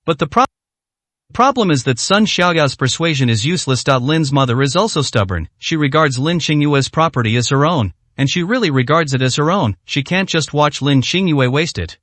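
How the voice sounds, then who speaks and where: A man narrating a translated web novel in a steady reading voice with occasional slips. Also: a little high, moderate pace, dry recording.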